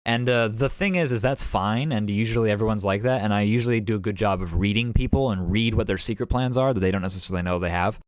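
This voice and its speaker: A man's voice: fairly low pitch, quick pace, few pauses, no room sound, studio quality. A man talking casually as game master, recapping a tabletop session in a rambling way full of fillers and restarts. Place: home streaming setup.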